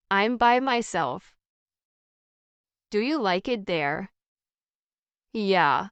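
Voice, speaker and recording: Woman, scripted conversation reader, very unhurried pace, dry close sound. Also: mid-range voice, a bit bright, clear, resonant tone, dry recording. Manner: slow, evenly paced, carefully articulated. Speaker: English practice dialogue voice.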